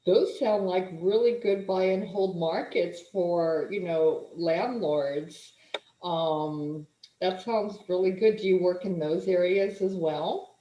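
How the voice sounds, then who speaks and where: Female publisher host, slow and gracious, mellow voice, lo-fi roomy sound. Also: lowish voice. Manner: slow, gracious, with encouraging remarks. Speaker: interviewer, magazine publisher. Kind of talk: interview host. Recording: dull, echoey remote audio.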